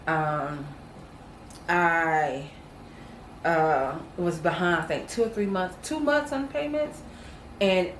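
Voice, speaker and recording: Casting note: lower-voiced woman, earnest storyteller, echoey room with a faint hiss. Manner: earnest storytelling, acts out quoted voices, addresses viewers as y'all. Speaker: co-host. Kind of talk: casual testimony chat.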